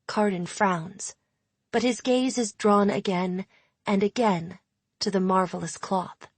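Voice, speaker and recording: A woman narrating a first-person dark fantasy audiobook in a measured, deliberate way. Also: mid-range voice, breathy edge, no room sound.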